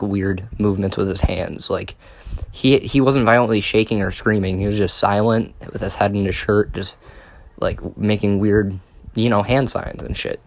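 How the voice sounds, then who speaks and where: A young man telling a casual storytime, rambling and swearing with many fillers and restarts. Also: fairly low pitch. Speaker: vlogger.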